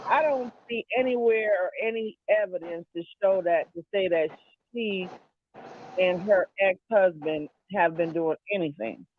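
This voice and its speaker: A man's voice: sits high, unhurried. Caller, man, opinionated and repetitive; thin phone-line sound with light hiss. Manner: rambling, repeats himself, opinionated. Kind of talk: casual opinionated chat.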